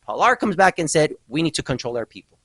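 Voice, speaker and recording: A man hosting a casual podcast, his voice bright and a touch high. He swings widely in pitch as he spins a story with theatrical mock outrage, and the sound is close and dry. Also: big pitch swings, fast, no room sound, poor audio. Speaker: podcast host.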